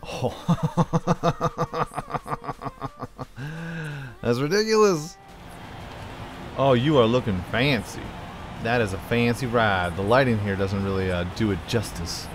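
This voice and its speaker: Man, gaming commentary, excitable and jokey, lowish voice, game music behind. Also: normal speed. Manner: excitable, jokey, loud sign-off. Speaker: gaming channel host. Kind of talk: let's play commentary.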